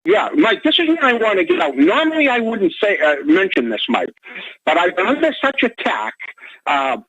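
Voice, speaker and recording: High rambling man on a phone line. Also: very animated, moderate pace, fairly bright tone. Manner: rambling, stumbling restarts. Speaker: caller. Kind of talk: call-in talk radio. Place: Boston area.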